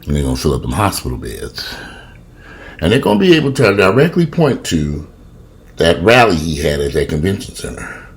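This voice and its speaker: A man's voice: sits low, wildly swooping pitch, fairly quick. A man in his fifties ranting profanely and animatedly in a casual home vlog, filming himself on a camera in his kitchen. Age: 50s. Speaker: vlogger.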